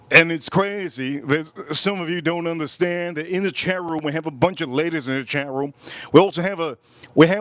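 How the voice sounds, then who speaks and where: A man's voice: fairly high pitch, a bit bright, no room sound. A man hosting a livestream, telling a story in casual chat, rambling and repeating his phrases over and over. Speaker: livestream host.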